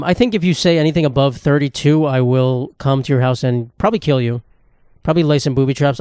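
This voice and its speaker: At a table in an indoor room, a man in his twenties runs a casual solo podcast monologue, rambling through crude humor aimed at himself. His medium-pitched voice is clean and darkish, recorded at studio quality with no room sound.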